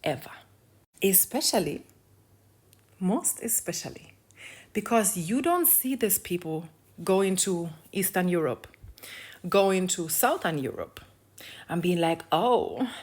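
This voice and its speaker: A woman's voice: lowish voice, expressive, takes it slowly, long pauses, slightly rough. A young African woman ranting in a blunt, profane vlog of social commentary, lecturing and repeating phrases for emphasis. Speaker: video creator.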